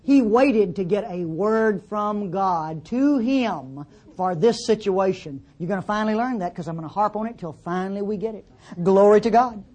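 A woman's voice: medium pitch, expressive, moderate pace, dark tone. A woman preaching a sermon in a conversational, teasing way, full of rhetorical questions.

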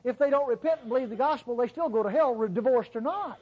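A man's voice: very high voice, fast, slightly rough, muffled recording. A middle-aged man preaching a sermon in a church, emphatic and repetitive, with sarcastic asides.

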